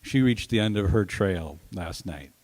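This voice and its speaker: At an open mic on a small indoor arts venue stage, a singer-songwriter introduces his songs into a stand microphone. His low, expressive voice is soft-spoken and halting, full of pauses and fillers, as he makes casual talk between songs over guitar playing.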